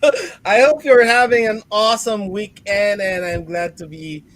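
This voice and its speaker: A man's voice: sits high, fairly even intonation, unhurried, fairly bright tone. A man on a gaming panel, joking and laughing as he greets everyone in playful banter. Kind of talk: casual panel chat.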